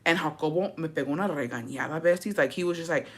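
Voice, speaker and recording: A low-voiced, fast-talking woman vlogger tells a storytime with brash, profane sass, calling her viewers besties. She's a native English speaker in casual storytime chat mode.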